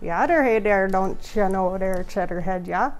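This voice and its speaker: A jolly, folksy lumberyard man voiced by a woman booms out a sing-song chant. His delivery is loud and bouncy, with a faint bed of music playing softly behind. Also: moderate pace, close to an everyday voice.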